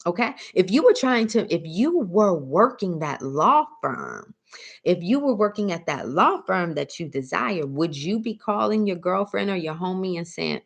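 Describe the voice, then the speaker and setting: A woman's voice: fairly low pitch, gravelly, slightly rough. A woman coaching a mindset lesson on a live stream, often checking in with "right?" and "okay?" and calling listeners "baby.". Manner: coaxing, calls listeners "baby". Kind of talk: motivational teaching talk.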